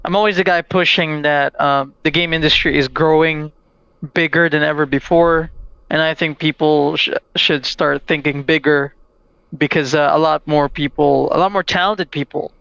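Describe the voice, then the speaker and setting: Casting: eager male panelist, higher voice with gravel, smooth and muffled. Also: fairly even intonation, a bit bright, no room sound. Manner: quick, eager, repeats himself. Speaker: panel guest. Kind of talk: casual podcast chat.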